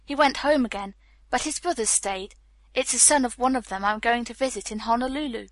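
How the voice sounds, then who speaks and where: A woman reading the lines of a stiff, earnest young Boston gentleman in an audiobook, formal in manner. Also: on the high side, brisk, dry recording, close to an everyday voice.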